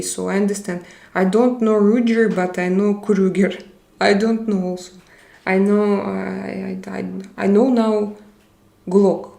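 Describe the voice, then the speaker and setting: Streamer, woman: gravelly, unhurried voice in a roomy echo, reading chat aloud in a halting way. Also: medium pitch, dark tone. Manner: halting, chatty, laughs often. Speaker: livestream host. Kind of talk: casual live chat, reading viewer comments aloud.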